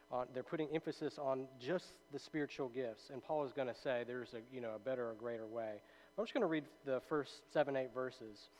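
A man's voice: mid-range voice, a little mellow, poor audio. A man teaching a Bible study in a loose, conversational way, reading passages aloud and checking in with his listeners. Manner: conversational, with many fillers and tag questions.

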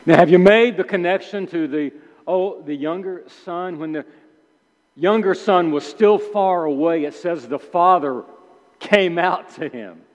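A man preaching a sermon in an animated way, acting out the characters' complaints with sudden emphatic outbursts. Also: high-pitched, a little slow. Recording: dull sound with long hall reverb.

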